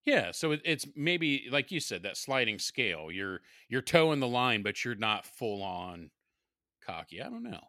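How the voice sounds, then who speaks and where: A man with a bright, lively voice co-hosting a podcast. He laughs often and works through ideas out loud. The recording is dry and close. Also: mid-range voice, measured pace, dry recording. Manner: animated, laughs a lot, thinks aloud. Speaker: podcast co-host. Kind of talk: casual chat.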